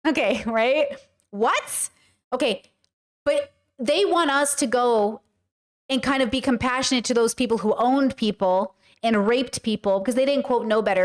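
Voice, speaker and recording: Woman, streamer, slightly high voice, blunt, emphatic, casual swearing, livestream commentary. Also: moderate pace.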